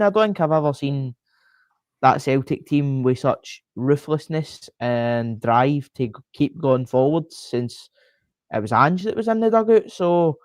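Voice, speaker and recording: Animated Scottish podcast co-host. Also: male voice, medium pitch, unhurried, dry recording. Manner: animated, many fillers like uh and aye. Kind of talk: casual podcast chat.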